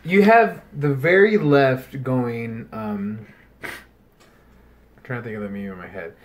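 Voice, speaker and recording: A man's voice: mid-range voice, a little slow. Rambling man chatting on a podcast. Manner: rambling, animated, swears freely. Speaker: podcast co-host. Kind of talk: casual chat.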